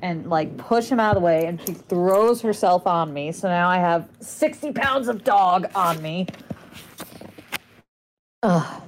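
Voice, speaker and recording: A woman's voice: fairly low pitch, lively intonation, unhurried, slight background noise. A woman chatting casually about a film and her dogs, laughing often and acting out what people said. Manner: laughing storyteller, acts out quotes. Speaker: podcast guest.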